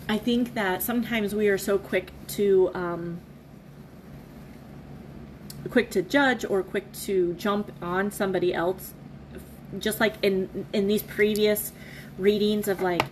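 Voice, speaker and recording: A woman's voice: mid-range voice, a little mellow, a little hiss or hum, poor audio. Earnest woman sharing a devotional. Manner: earnest, candid, halting, emotionally open. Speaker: devotional vlogger. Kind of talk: casual devotional reflection.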